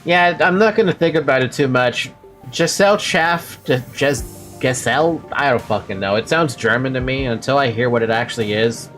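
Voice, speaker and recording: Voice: medium pitch, moderate pace, a bit bright, soft background music. A streamer giving casual, joking commentary while reading a game, swearing freely. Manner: casual, swears, jokes about accents.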